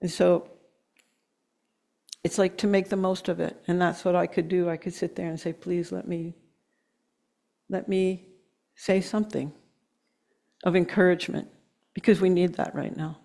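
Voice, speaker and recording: Earnest woman speaker, low voice. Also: fairly even intonation, creaky, warm tone. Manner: earnest, emotional, with slow emphatic stretches and laughs. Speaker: guest speaker. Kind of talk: sermon.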